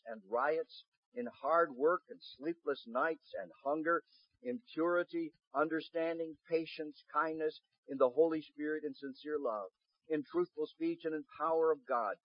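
A man with a somewhat high, husky voice delivers a sermon. He reads scripture at a measured pace, then presses his points loudly and has the congregation repeat phrases after him. The recording is dry and muffled. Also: no room sound. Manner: reads scripture slowly, rising to loud emphatic preaching. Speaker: pastor.

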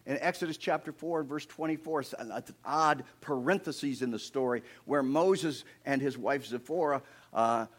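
A middle-aged man preaching a sermon with animated storytelling, swinging between soft, low asides and loud, emphatic passages. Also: normal speed. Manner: earnest, personal asides.

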